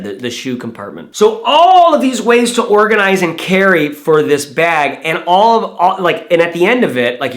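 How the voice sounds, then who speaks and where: A man reviewing backpacks in a casual, excitable vlog, rambling with lots of fillers. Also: on the high side. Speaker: YouTube bag reviewer. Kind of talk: casual enthusiastic vlog talk.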